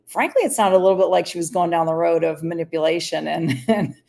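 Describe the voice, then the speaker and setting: A woman's voice: fairly low pitch, quick pace, gravelly, darkish tone. A woman hosting a podcast, speaking fluently and reflectively, addressing the audience directly. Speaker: podcast host. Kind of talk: podcast conversation.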